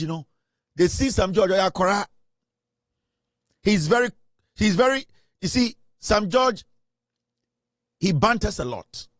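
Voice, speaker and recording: A Ghanaian man hosting a political commentary show, talking in an animated, mocking way and mixing in Twi. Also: sits high, no room sound. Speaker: host.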